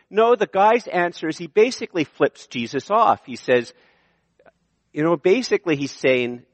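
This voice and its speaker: A male pastor giving a sermon in an animated, conversational way, often correcting himself mid-sentence. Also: fairly high pitch, normal speed, no room sound, muffled recording.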